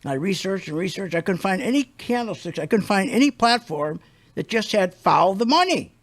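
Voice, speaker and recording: A man's voice: high voice, expressive, brisk. An older man hosting a radio show, ranting in a blunt, indignant, rambling way.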